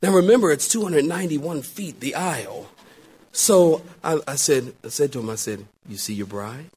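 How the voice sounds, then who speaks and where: Animated, high-pitched preacher telling a story. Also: male voice, moderate pace, slightly rough. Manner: storytelling with wide swings between loud exclamations and hushed asides. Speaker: pastor. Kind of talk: sermon.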